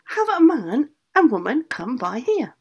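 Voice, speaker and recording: Woman voicing a shrill, nagging old witch. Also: sing-song, a little slow, breathy edge, exaggerated voice. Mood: impatient. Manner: loud, insistent calling.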